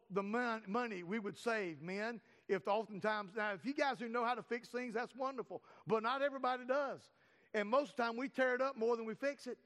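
Man, pastor, sermon, very high voice, earnest, halting restarts, long church-hall reverb. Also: fairly bright tone. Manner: earnest preaching with frequent fillers and restarts, slowing for scripture.

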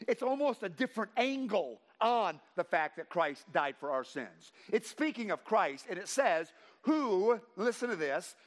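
A man preaching a sermon to his congregation, reading scripture slowly with emphasis and praying in a softer voice. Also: high-pitched, very animated. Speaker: pastor. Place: church sanctuary. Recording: long reverb of a large hall.

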